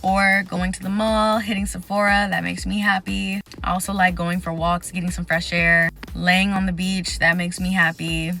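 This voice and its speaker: A young woman vlogging about resetting after failed exams, candid and chatty, listing things off in quick runs. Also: on the low side, flat delivery, pushed and bright. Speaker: vlogger sharing exam advice. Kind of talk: casual talking-to-camera vlog.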